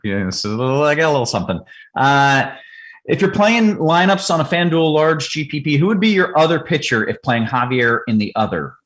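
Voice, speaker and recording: Animated joking male host. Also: on the high side. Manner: animated, joking, asks quick questions. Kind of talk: casual podcast chat.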